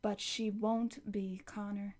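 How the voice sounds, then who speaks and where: A woman's voice: mid-range voice, flat delivery, slow pace, darkish tone. A woman playing a stern, no-nonsense grandmother in an audiobook, speaking firmly and scoldingly. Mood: earnest. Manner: firm and scolding.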